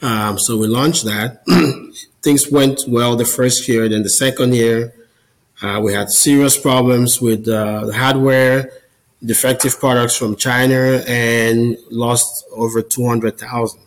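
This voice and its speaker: A man's voice: mid-range voice, steady tone, slow, low-quality recording. A man as a podcast guest, telling his personal testimony in an earnest, conversational way and often repeating words as he goes. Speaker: podcast guest, Catholic business founder.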